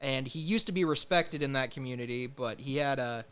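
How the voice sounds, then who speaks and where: A man's voice: mid-range voice, brisk, bright, forceful tone, slight background noise. A young man co-hosting a comedic podcast, casual and sarcastic, laughing often. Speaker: podcast co-host.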